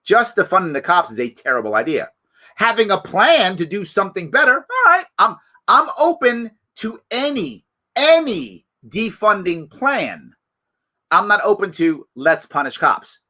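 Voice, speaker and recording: Man, middle-aged, political show host; bright, fairly high voice, emphatic and animated, hammering rhetorical questions. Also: unhurried. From New York. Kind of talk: live political commentary.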